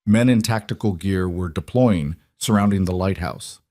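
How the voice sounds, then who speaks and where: A man narrating a dramatic story in steady, scripted storytelling. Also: deep voice, moderate pace, no room sound, clean studio sound.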